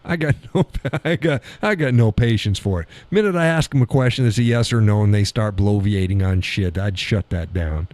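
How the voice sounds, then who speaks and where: A man's voice: lowish voice, moderate pace, few pauses, a little mellow, no echo. A middle-aged man hosting a live stream in casual chat, swearing freely, laughing often, telling stories with animation. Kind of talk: casual chat reading viewer comments.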